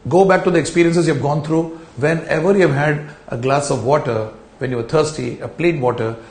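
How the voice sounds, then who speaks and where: A man's voice: a little high, moderate pace, darkish tone, echoey room. A man giving a recorded lecture to camera, explaining ideas with rhetorical questions and repeating key phrases. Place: indoor room, speaking in front of a camera.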